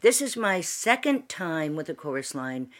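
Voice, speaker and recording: Low-voiced older woman telling stories. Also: sing-song, measured pace. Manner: rambling, restarts and recaps while telling stories. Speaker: podcast co-host. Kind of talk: casual storytelling chat.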